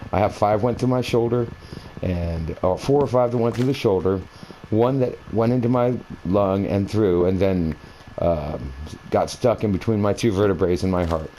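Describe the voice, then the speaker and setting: Low, dark-voiced man telling a long story. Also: moderate pace, a little hiss or hum, low-quality recording. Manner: meandering, conversational, many fillers and restarts. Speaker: gaming video creator. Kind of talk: rambling personal storytelling over gameplay. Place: at home, playing a console game.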